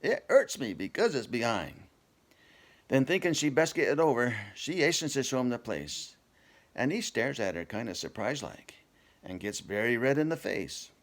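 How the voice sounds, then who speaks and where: Gravelly man reciting a comic poem. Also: mid-range voice, animated, moderate pace, fairly bright tone. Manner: storytelling in broad northern dialect.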